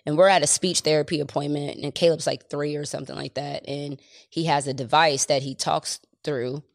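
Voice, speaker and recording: A woman's voice: deep voice, steady tone, fairly quick, creaky, no room sound, clean studio sound. A woman co-hosting a podcast, chatting earnestly about faith and telling stories with acted-out quotes. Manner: earnest, storytelling, acts out quotes. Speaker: podcast co-host. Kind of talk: casual faith chat.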